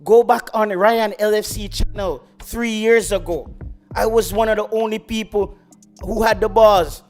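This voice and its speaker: This football channel host, a Jamaican man, rants boastfully on a livestream and lapses into patois. He speaks in a high voice with fairly even intonation at a measured pace, soft music playing behind.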